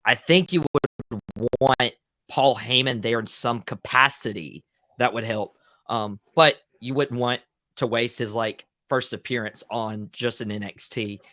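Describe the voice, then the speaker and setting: Man, podcast host, bright clear voice, dry close sound. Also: mid-range voice, unhurried, no echo. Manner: casual, excitable, says "dude" a lot. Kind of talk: casual wrestling podcast chat.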